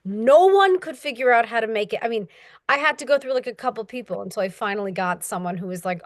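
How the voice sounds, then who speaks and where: A woman's voice: fast, dry recording, studio quality. A young woman, an audiobook narrator, chatting casually as an interview guest and acting out quoted voices. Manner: animated, acts out quoted voices with big pitch jumps.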